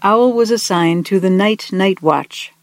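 A gentle storyteller reads a children's picture book aloud in a soft, mid-pitched voice. The delivery is expressive and unhurried, slowing to linger on key words. The sound is dry and close, with no room echo.

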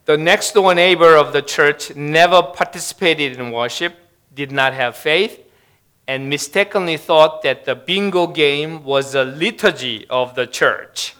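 A male pastor giving a Sunday sermon in a church sanctuary, pausing often with fillers. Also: a little high, sharp tone, clear, resonant tone. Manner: hesitant, many fillers.

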